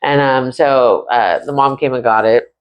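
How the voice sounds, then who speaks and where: A woman's voice: a bass voice, a little slow, clear, resonant tone, dull audio. A woman guest telling her story in a casual, profane way, acting out the voices of people she quotes. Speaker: interview guest.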